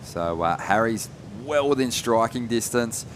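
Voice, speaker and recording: A man calling a surf contest live, relaxed, rising in energy on big turns. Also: mid-range voice, unhurried, a little hiss or hum. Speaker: surf commentator. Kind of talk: live sports commentary.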